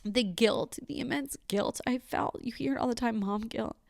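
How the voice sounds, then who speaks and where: A woman's voice: a little high, moderate pace, gravelly, no echo, studio quality. A young adult woman hosting a solo podcast, telling a personal story in a candid, rambling way with many fillers. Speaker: podcast host.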